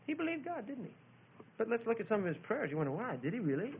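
Male preacher, gravelly voice, tinny old tape sound, storytelling then loud bible reading. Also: high-pitched, sing-song, fast. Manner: storytelling, rising to loud emphatic scripture reading. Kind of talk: sermon. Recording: tinny phone-like old recording.

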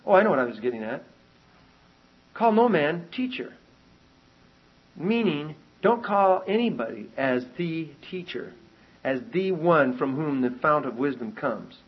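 A man preaching a sermon to a congregation, animated and emphatic, often restarting his sentences and rising to loud peaks. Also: medium pitch, vocal fry, slightly rough. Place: church meeting hall with congregation. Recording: muffled lo-fi recording.

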